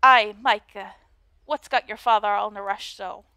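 A woman's voice: medium pitch, steady tone, moderate pace, pushed and bright, smooth, no room sound. A woman voicing an old female castle cook, homely and chatty. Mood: fond.

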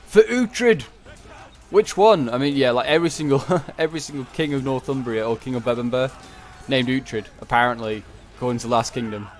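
A man's voice: mid-range voice, steady tone, quick pace. A man giving casual, rambling commentary on a strategy game battle, correcting himself and tossing in joking asides. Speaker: gameplay commentator.

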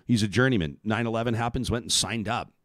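A man's voice: lowish voice, fast talker, fairly bright tone, dry recording, studio quality. A middle-aged man hosting a talk radio show, rambling thoughtfully with frequent restarts. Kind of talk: casual talk radio chat.

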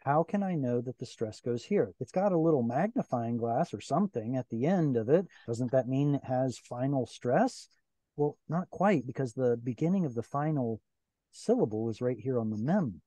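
A man's voice: mid-range voice, expressive, normal speed, dark tone, no room sound. A man teaching a Bible Hebrew class online, explaining grammar patiently and step by step with questions to his students. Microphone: video call.

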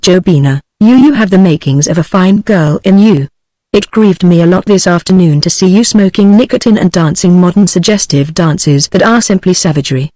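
A synthetic British female voice reading the lines of an earnest, preachy sixteen-year-old boy in an even, mechanical way. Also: on the low side, normal speed, no echo, lightly acted. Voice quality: even, mechanical text-to-speech delivery.

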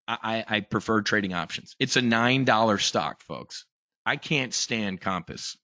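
A man hosting a trading show, giving a brash, profane, emphatic investing pitch. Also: pushed and bright, dry recording, lo-fi sound.

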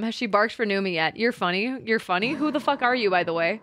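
A woman's voice: mid-range voice, lively intonation, fast talker, a bit bright, a little hiss or hum. A woman streamer chatting casually with her live chat, crude and teasing, laughing often.

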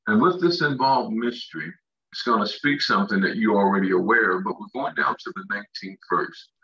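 A man preaching a sermon, reading scripture slowly and then pressing each point with rising emphasis and questions to the listeners. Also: fairly low pitch, bright, forceful tone, dull audio. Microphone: online broadcast of a church conference session.

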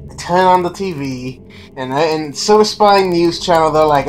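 A man narrating a mock news report, moving from an ominous build-up to lively storytelling. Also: a little high, measured pace, faint music behind. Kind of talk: scripted mock documentary narration.

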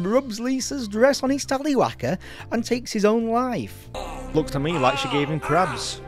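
A man's voice: high voice, animated, a little slow, over music. A man hosting a comedic film review, sardonic, mocking and sweary.

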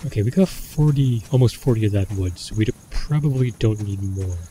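Low, mellow male gamer thinking aloud over his run, with a faint hiss in the recording. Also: fairly quick. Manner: musing, talks himself through choices. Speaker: gameplay commentator. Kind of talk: casual gameplay commentary.

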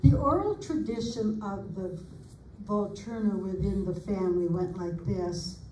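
An older American woman reads her family memories aloud at a slow, gentle pace, her voice mellow and soft-edged. She sounds roomy and a little distant from the mic, with faint room ambience behind her. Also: mid-range voice, a little hiss or hum. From United States. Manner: unhurried, homely reminiscing with small asides. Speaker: family historian presenter. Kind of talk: reading family recollections aloud.

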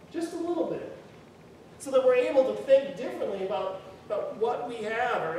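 A man delivers a sermon in a relaxed, earnest, conversational way, full of restarts. His voice sits fairly high for a man. The recording is distant and very reverberant, with faint noise behind. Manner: conversational, earnest, with many restarts and "you know". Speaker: preacher. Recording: very echoey room, far from mic, faint noise.

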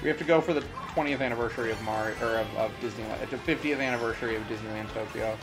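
A man's voice: mid-range voice, rapid-fire, music in the background, poor audio. A man hosting casual commentary while playing a racing game, rambling with frequent fillers and self-corrections. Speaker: host.

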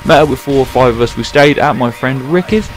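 A young man, telling a prank anecdote in an animated, casual way over his gameplay commentary, with some swearing. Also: medium pitch, a little fast, slight background noise. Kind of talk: casual storytelling voiceover.

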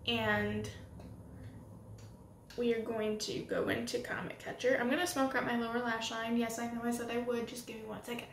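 A young woman doing a casual makeup tutorial at home, gushing and excitable as she talks while applying makeup. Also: fairly high pitch, normal speed, slight background noise. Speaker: beauty vlogger. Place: home room with setting sunlight. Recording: roomy home recording with faint ambience.

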